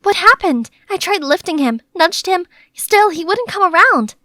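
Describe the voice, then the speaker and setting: Young woman, storybook narrator: high, bright, chatty and dramatic, dry close mic. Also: moderate pace, dry recording. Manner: chatty, animated, playfully dramatic. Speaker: narrator and maid character. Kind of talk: scripted first-person story narration.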